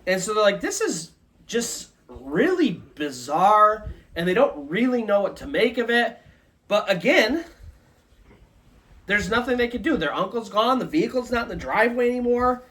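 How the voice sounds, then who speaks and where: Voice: medium pitch, expressive, a little fast, fairly bright tone. A storyteller giving a live, loosely conversational retelling of a ghost story. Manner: loose conversational telling with many "like" and "kinda".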